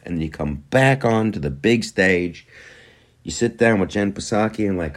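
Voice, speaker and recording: Male political talk host, low voice that swings widely, scornful and foul-mouthed. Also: lively intonation, slow. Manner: sarcastic, profane, mocks opponents in put-on voices. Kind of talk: casual profane political commentary.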